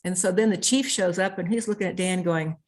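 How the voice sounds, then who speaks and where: A woman's voice: fairly low pitch, fairly quick. Earnest woman recounting a story. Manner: earnest, piles up clauses with repeated "and". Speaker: author and interview guest. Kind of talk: conversational storytelling interview.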